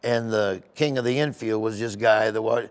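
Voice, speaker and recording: A middle-aged comedian sits down for an interview at a golf tournament venue and tells stories in an emotional, meandering way, restarting often. He speaks at a moderate pace in a lowish voice with a steady tone.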